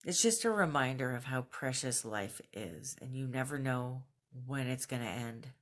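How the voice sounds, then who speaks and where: A woman talking casually to camera in a video journal at home, earnest and thoughtful, with fillers and soft laughs. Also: a bass voice, expressive, normal speed. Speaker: vlogger. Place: at home, just out of bed.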